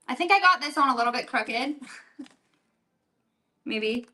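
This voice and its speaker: A woman's voice: high-pitched, lively intonation, takes it slowly, bright, forceful tone. A woman hosting a casual crafting livestream from her home table, chatting and answering viewer comments as she works. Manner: chatty, reads viewer comments aloud while working. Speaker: livestream seller host.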